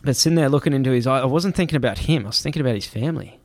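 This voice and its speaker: A man's voice: mid-range voice, very fast, no room sound. Male guest, young adult, casual storyteller, dry close mic. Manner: animated retelling, acts out the voices in his story.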